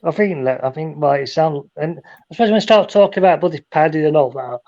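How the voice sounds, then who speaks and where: A man's voice: on the high side, quick pace, darkish tone, muffled recording. A man telling rambling jokes and stories in a casual chat, often restarting his sentences. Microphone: phone.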